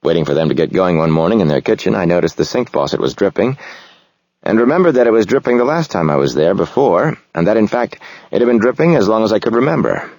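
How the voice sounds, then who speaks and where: A man narrating a novel in the first person, reflective and measured. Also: on the low side, big pitch swings, a little mellow, no room sound, dull audio. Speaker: audiobook narrator.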